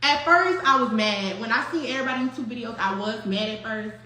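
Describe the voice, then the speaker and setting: High-voiced young woman telling a story. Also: quick pace. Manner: animated, profane, slangy, with many restarts. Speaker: storyteller recounting a night out. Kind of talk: casual storytelling to an online audience. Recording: roomy echo.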